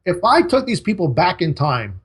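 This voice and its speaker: A man's voice: sits high, very animated, moderate pace, slightly rough. A man talking as an interview guest, emphatic, in short punchy sentences. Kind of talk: casual interview talk.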